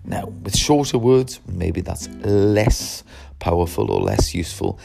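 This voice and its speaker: Deep gravelly male teacher. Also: unhurried, dark tone, soft background music. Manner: emphatic, asks and answers his own questions. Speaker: language teacher and trainer. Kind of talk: explanatory teaching talk.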